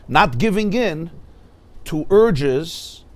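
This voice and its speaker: A man's voice: on the high side, lively intonation, extremely slow. A rabbi teaching a Torah class, asking rhetorical questions and mixing Hebrew and Yiddish terms into his English.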